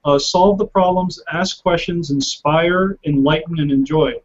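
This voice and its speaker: Male show host, slightly high voice, hesitant delivery, muffled call audio. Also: a little slow. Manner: hesitant, filler-heavy, reads from the screen. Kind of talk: hosting a live web show, reading viewer questions. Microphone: video call.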